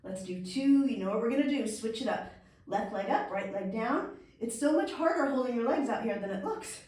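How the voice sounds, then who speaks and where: A woman with a fairly high voice coaching a cardio and Pilates workout, chatty and encouraging while she moves. She breathes hard between cues. The sound bounces around a very echoey room, and she is a little way off the mic. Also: animated, moderate pace, darkish tone, far from the mic. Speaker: Pilates instructor. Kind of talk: workout instruction.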